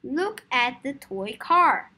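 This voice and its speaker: A woman's voice: sits high, very animated, slow, sharp tone, heavily acted. Wilma, a woman voicing a cheerful girl. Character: cheerful young girl leading the fun.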